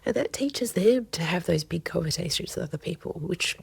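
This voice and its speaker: A woman's voice: on the low side, lively intonation, brisk, gravelly, husky, no room sound. A woman, a counselor speaking earnestly in a podcast interview and often voicing quoted speech. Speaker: family and child counselor, guest. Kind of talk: podcast interview, casual advice.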